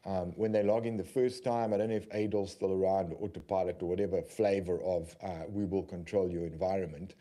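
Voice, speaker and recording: Low, mellow-voiced man in relaxed chat. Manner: measured, many fillers and tags like right and you know. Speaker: podcast co-host. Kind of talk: conversational tech podcast chat.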